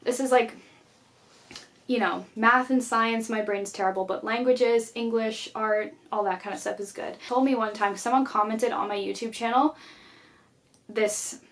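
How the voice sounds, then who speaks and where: A woman's voice: a little high, steady tone, normal speed. Young female vlogger, chatty casual talk, filler-heavy, conversational delivery. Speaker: YouTuber. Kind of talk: casual journaling vlog chat.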